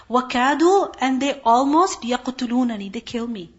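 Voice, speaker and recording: Woman Quran teacher, higher voice, recites verses then explains them line by line; muffled lo-fi recording. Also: racing, hardly any pauses. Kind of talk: Quran tafsir lesson. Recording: dull lo-fi recording.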